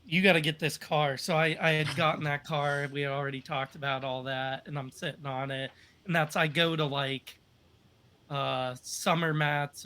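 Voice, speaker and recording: A man's voice: fairly high pitch, bright, forceful tone. A man telling stories on a podcast in a casual, upbeat, rambling way with lots of fillers. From United States. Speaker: podcast guest. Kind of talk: casual storytelling.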